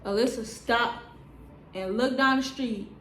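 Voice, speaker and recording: A young woman in her twenties tells a story to camera, animated and slangy, leaning on "like" between phrases. Her voice sits a little high. The room around her is echoey. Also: unhurried, noisy background. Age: 20s. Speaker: vlogger. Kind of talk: storytime vlog. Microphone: on-camera mic.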